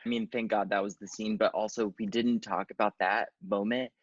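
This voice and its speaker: A man's voice: lowish voice, steady tone, brisk, dry recording. A man guesting on a recap show, chatting casually in a sarcastic, dishy way, on a dull lo-fi recording. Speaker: guest co-host. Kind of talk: casual chat.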